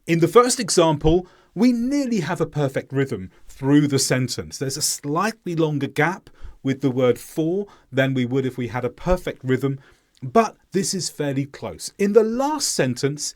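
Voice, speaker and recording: A man teaching English pronunciation in a clear, deliberate explaining voice-over. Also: fairly high pitch, animated.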